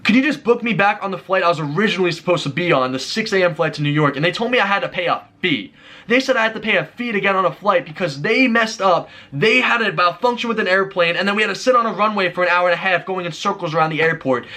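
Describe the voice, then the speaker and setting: Fast, bright young man ranting. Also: high-pitched, lively intonation. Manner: exasperated, fast ranting, acts out quoted exchanges. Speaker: vlogger. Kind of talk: ranting storytime vlog.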